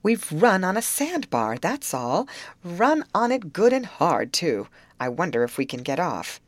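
A woman's voice: on the low side, very animated, unhurried, dry recording. A woman voicing take-charge teen girl Betty. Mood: grim. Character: eager teen girl, leader of the group. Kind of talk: audiobook character reading.

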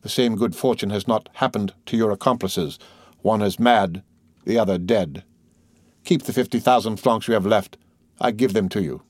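A man voicing a solemn, vengeful nobleman with a deep voice, speaking slowly and gravely in an audiobook. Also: darkish tone, no echo, clean studio sound, lightly acted. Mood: commanding. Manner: solemn, slow. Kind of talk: audiobook character voice.

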